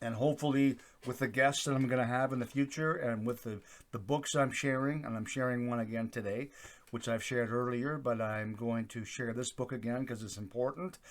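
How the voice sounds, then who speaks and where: A middle-aged man hosting his own video channel, talking in a casual, rambling way with plenty of "uh" fillers and a loud, projecting voice. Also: mid-range voice, fairly even intonation, moderate pace. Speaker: YouTube channel host. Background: accordion folk music playing faintly.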